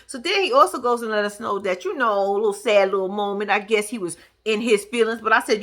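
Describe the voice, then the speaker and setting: A woman's voice: medium pitch, fast talker, few pauses. A woman talking casually, recapping a TV episode in a sassy, profane, teasing way. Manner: profane, sassy, animated storytelling; sarcastic, teasing. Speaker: reality TV recap vlogger. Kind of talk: casual commentary.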